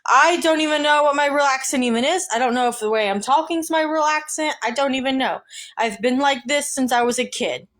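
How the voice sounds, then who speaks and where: Woman, Southern US accent, slightly high pitch, chatty, defensive, rambling, stuffy. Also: a little fast, fairly bright tone. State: stuffy, sinuses draining. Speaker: streamer reading and answering posts. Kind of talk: casual chat, reading posts aloud.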